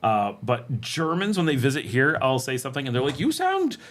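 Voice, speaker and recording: A man's voice: mid-range voice, expressive, a little fast, fairly bright tone. A middle-aged man hosting a casual livestream Q&A, reading viewer questions aloud and answering them with frequent ums. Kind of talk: casual live Q&A chat.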